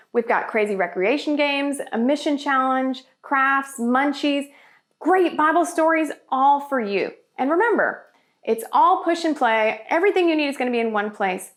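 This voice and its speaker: Upbeat woman hosting a kids' church video. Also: sits high. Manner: upbeat, enthusiastic. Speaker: children's ministry host.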